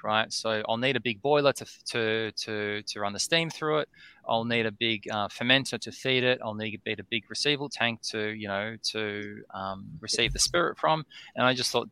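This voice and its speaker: Aussie guy rambling thru a story, lots of um and right?, bright tense voice, dead dry mic. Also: mid-range voice, normal speed, clean tone, no room sound. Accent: Australian. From Australia. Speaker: distillery founder, guest. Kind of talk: storytelling in a podcast chat.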